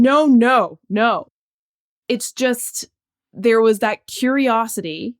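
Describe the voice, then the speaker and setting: A woman's voice: a little high, slow. Reflective woman doctor telling stories. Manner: reflective, animated storytelling with laughs. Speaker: podcast guest, sports medicine physician. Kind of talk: casual conversation.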